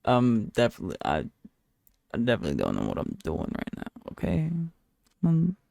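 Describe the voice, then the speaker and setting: A man's voice: lowish voice, huge pitch swings, moderate pace, creaky, a little mellow, no echo, studio quality. A tired man hosting a podcast alone, chatting casually in a rambling, self-deprecating way and apologizing often. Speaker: podcast host. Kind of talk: casual solo podcast chat. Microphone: handheld microphone at a desk.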